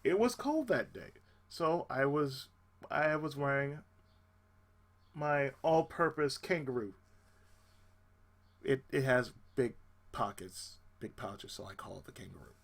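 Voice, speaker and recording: A man hosting his channel, telling a personal story as a casual rant. He is animated and exasperated and swears freely. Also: medium pitch, slow pace, vocal fry, long pauses.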